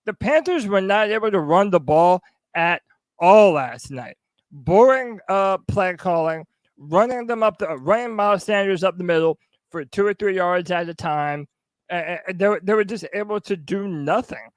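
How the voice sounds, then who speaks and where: High-pitched guy co-hosting a podcast, blunt and frank, dry mic. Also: animated, normal speed, no echo. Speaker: podcast co-host. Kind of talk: casual sports podcast talk.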